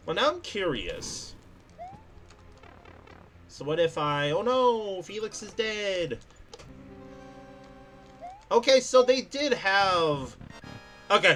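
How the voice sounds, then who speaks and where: Excitable young man streaming a game. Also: a little high. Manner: excitable, laughs and yelps often. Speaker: gaming streamer. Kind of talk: live gameplay commentary.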